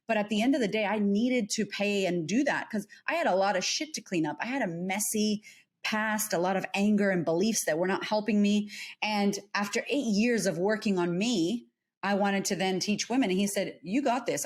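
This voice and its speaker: A woman's voice: medium pitch, a little fast. A woman in her thirties from the United States, a confidence coach, telling her story as an interview guest and acting out the dialogue. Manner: animated, acts out quoted dialogue.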